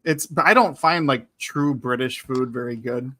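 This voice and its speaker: A man with a distinctly bright, forward tone chats enthusiastically on a live online talk show. His pitch sits in an ordinary middle range, and he talks in an easy, casual way. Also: moderate pace, a little hiss or hum. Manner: chatty, enthusiastic. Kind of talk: casual live-stream chat.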